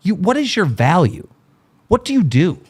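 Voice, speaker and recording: A man's voice: high-pitched, big pitch swings, normal speed, a little mellow, breathy edge. A middle-aged man hosting a livestream, ranting in an angry, mocking, profane way. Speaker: livestream host.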